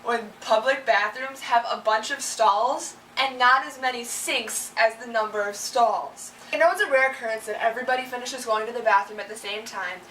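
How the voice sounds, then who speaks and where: Young woman, vlogger, exasperated casual rant, high voice, roomy distant recording. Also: normal speed, hardly any pauses, fairly bright tone, a little hiss or hum. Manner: chatty and exasperated, acts out quoted people. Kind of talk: casual ranting vlog. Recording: roomy, a little distant from the mic.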